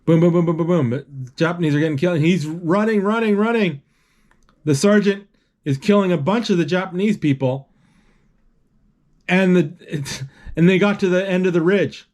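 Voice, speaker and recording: A man retelling a film scene by scene in an unscripted, halting way, with many restarts and spoken sound effects. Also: sits high, darkish tone.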